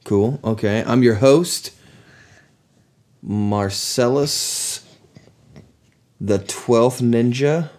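Man, podcast host, playful, teasing, mid-range pitch, casual family chat. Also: drawn-out words, long pauses, a little mellow. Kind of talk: casual chat with his son.

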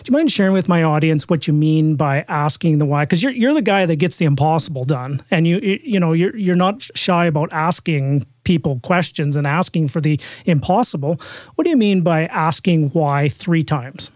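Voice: medium pitch, a little mellow, dry recording. A podcast host asking a guest a question, hesitant and full of restarts. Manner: halting, with many fillers and restarts. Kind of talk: interview questions.

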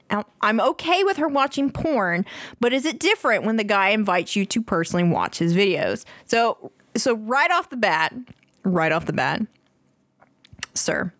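Female co-host, mid-pitched, very expressive reader, dead-dry recording. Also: no echo. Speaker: podcast co-host. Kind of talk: casual chat, reading posts aloud.

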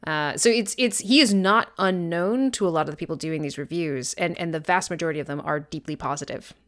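Brief woman, lowish voice, dry podcast co-host weighing review scores. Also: fairly quick. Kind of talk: casual movie review chat.

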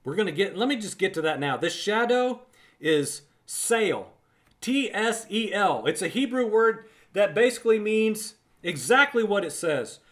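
High-voiced emphatic man teaching scripture. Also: big pitch swings, a little slow, a bit bright. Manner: emphatic, repeats words for emphasis; conversational, addresses listener as friend. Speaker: Bible teacher. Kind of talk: recorded Bible teaching.

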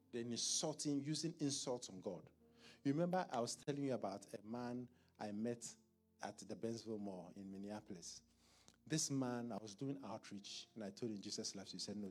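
A man preaching a sermon at a church service in a conversational style, asking the congregation questions and clearing his throat. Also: medium pitch, a little mellow. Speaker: pastor.

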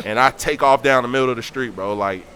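Talking fast in a clean, medium-pitched voice, a young man recounts a story casually. He's animated and performs the quoted voices of the story's characters.

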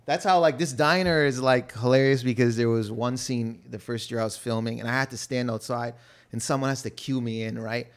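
A man in a relaxed podcast conversation, spinning stories with lots of "like" and swearing. His pitch sits in an ordinary male middle range. He jumps into loud, acted-out voices whenever he quotes someone. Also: a little fast. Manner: animated storyteller who acts out quotes in loud voices; loose, profane, filler-heavy talk. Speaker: podcast guest, actor. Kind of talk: casual chat, anecdotes.

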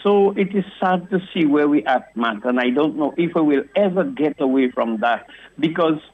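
A man's voice: on the high side, animated, moderate pace, a little hiss or hum. Impassioned man on a phone line. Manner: impassioned, repetitive, keeps addressing the host by name. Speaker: caller. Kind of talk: call-in radio rant. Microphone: telephone. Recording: phone-line caller audio.

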